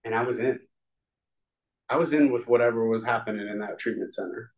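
A man's voice: medium pitch, fairly quick, rough recording. Rambling heartfelt man telling his story. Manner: rambling and heartfelt, with many restarts. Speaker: speaker sharing a recovery story. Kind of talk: personal testimony to a live audience. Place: room with an audience.

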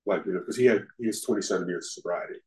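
A man with a slightly low voice speaks candidly at a recovery meeting, telling his own story. He is self-deprecating and frank, and his talk is loose and conversational, full of "you know". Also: rapid-fire, a little mellow, low-quality recording. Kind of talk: candid personal testimony.

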